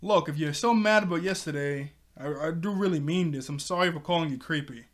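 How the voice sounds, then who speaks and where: Guy putting on an eager shapeshifter kid from a cartoon, squeaky and jumpy. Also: a little fast, background noise, lightly acted. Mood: nervous. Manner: high startled yelps, restless. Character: green shapeshifting teen boy hero, jumpy and eager.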